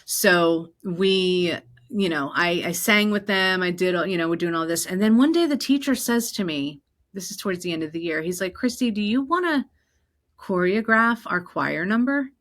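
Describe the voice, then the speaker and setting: Woman podcast host telling old stories, lower voice, really animated, acts out the people she quotes. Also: normal speed. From New Jersey. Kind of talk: personal storytelling.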